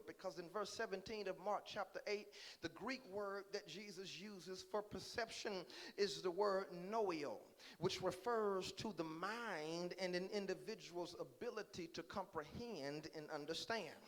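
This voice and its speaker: A pastor preaching in a church, moving from calm teaching to loud, rising preaching and often repeating his first words. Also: sits high, normal speed. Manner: repeats words as he starts lines. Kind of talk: sermon. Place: church sanctuary.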